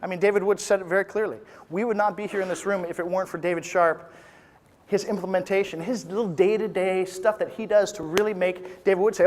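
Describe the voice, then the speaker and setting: A man giving an energetic, joking motivational talk at a live business seminar, rallying the audience into chants. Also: sits high, fast, slight background noise. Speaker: motivational speaker at a business event. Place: large conference room with live audience. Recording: reverberant hall with crowd. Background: audience responses and applause.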